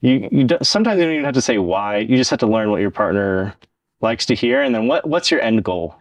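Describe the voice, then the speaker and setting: With a sing-song delivery at medium pitch, this fast-talking co-host chats about relationships on a dry-sounding podcast. He's casual yet earnest, elaborating on his points and playing out the lines people say to one another.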